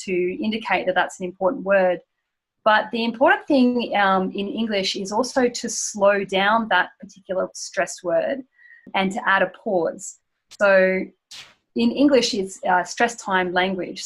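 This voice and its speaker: A woman's voice: medium pitch, low-quality recording. An Australian woman accent coach explaining pronunciation tips in a conversational way. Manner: explanatory, gives spoken examples.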